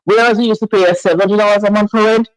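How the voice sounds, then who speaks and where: Halting woman calling in. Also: medium pitch, steady tone, no echo, rough recording. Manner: halting, repeats and restarts phrases; emotional, earnest. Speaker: caller. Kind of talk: phone-in chat.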